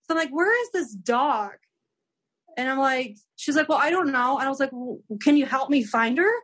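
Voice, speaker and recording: A woman's voice: sits high, quick pace. A young adult woman, a podcast guest, casually telling a story and acting out the dialogue, with lots of "like". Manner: animated, acts out dialogue with filler "like".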